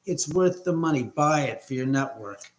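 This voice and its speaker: A man's voice: medium pitch, lively intonation, moderate pace. A man hosting a casual livestream from his house on a laptop mic, rambling and greeting viewers by name. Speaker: livestream host. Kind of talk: casual live chat.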